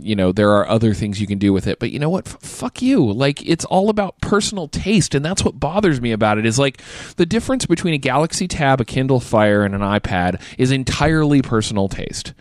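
Dude ranting on a podcast, cussing a lot, fed up, dry close mic, average pitch. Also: male voice, animated, brisk, few pauses, no room sound. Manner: ranting, profane, exasperated. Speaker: podcast host. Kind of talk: casual podcast chat.

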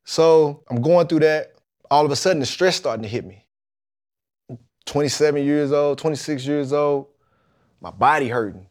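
A man, telling a lively, colloquial story in a podcast interview and acting out the people in it. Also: fairly high pitch, normal speed, long pauses. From Mississippi, USA. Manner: animated storytelling, colloquial, acts out the voices of the people in his story. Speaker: guest, football player.

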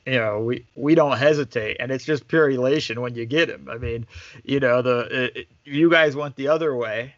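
A man telling stories as a guest in casual chat, relaxed and full of fillers. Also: mid-range voice, normal speed, no echo, lo-fi sound. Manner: relaxed, chatty, lots of fillers. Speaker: basketball staff guest. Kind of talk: casual storytelling.

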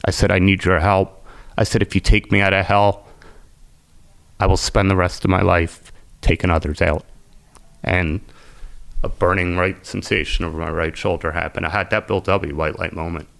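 A man's voice: deep voice, flat delivery, normal speed, vocal fry, a bit bright, no echo. A man, a podcast guest, telling his recovery story in an emotional, intense way.

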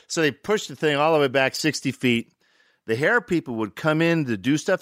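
A man's voice: mid-range voice, normal speed, dry recording, clean studio sound. An older man telling stories in casual conversation, swearing freely and acting out other people's lines. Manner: animated, acts out other people's lines in shouts and mimicry. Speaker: podcast guest, actor. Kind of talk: casual storytelling.

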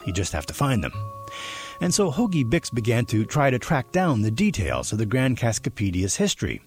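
A man reading scripted documentary narration as the reporter, in a measured storytelling way. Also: medium pitch, huge pitch swings, a little mellow, faint music behind.

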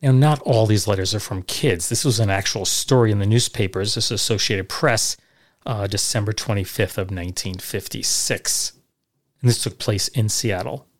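A man's voice: fairly low pitch, moderate pace. A middle-aged man hosting a podcast, reading old letters aloud and adding chatty, dry, sarcastic asides. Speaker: podcast host.

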